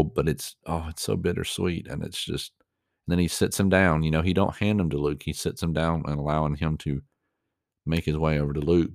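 A man with an extremely low voice talks through a reaction commentary in a level, unvaried tone. He rambles and restarts, searching for words with plenty of fillers, earnest and clearly moved. The sound is dry and close, with no room around it. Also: a little mellow, dry recording.

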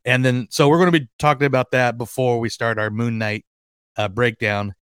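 A man hosting a fan podcast in casual chat, excitable and rambling, with lots of fillers and restarts. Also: medium pitch, fairly quick, smooth, no echo, clean studio sound. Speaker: podcast host.

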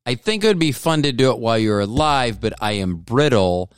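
Rambling, lively-voiced male podcast host. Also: medium pitch, fairly quick, smooth, dry recording, studio quality. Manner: rambling, self-mocking, jokey asides. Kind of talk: casual rambling monologue.

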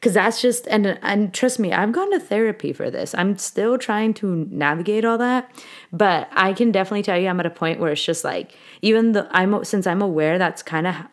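Woman in her late twenties, podcast host, candid personal storytelling, emotional, slips into Spanish words. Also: lowish voice. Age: late 20s.

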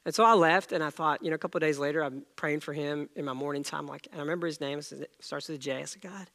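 A middle-aged man preaching a sermon, telling a story and acting out the dialogue with lively energy. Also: fairly high pitch, fast talker, vocal fry. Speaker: pastor.

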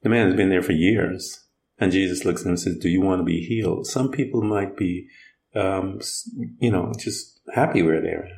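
A gravelly, fairly low-voiced man preaches in an easy conversational way. He retells scripture and acts out the quotes as he goes. His voice rings in a roomy, echoing space. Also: normal speed, darkish tone. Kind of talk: conversational sermon. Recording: roomy echo.

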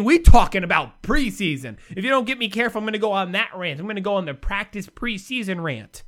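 A man's voice: high voice, a bit bright. A man hosting a solo sports commentary show from the United States, ranting sarcastically with big swings in his voice.

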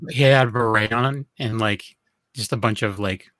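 A man's voice: lowish voice, moderate pace, fairly bright tone, no echo. Male co-host, wisecracking, casual, dead-dry sound. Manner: joking, mocking asides. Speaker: podcast co-host. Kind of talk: casual movie discussion.

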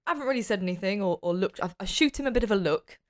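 A woman's voice: medium pitch, lively intonation, racing. A woman playing in a tabletop game, wry and casual, often restarting her sentences. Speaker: player.

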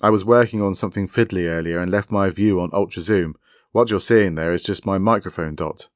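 A man's voice: low voice, fairly quick, no room sound, studio quality, natural voice. A man voicing an eager, obliging young man who is a gamer with a laptop.

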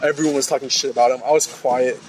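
A man in his twenties from California, a podcast co-host telling profane, animated stories in a casual chat. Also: medium pitch, quick pace, slight background noise, low-quality recording. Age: 20s. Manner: profane, animated storytelling with acted-out quotes.

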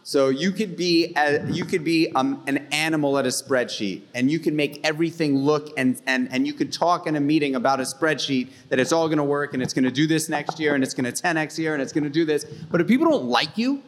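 A man's voice: a little high, fairly quick, hardly any pauses. A man, a restaurant entrepreneur on a live panel, speaking earnestly and emphatically. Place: event stage before live audience.

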